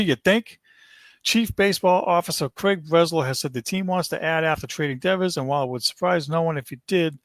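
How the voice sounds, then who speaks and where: A man's voice: a little high, no echo. A man, hosting a sports podcast, launches into an angry, fed-up rant, stumbling and repeating himself as he vents. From Boston area.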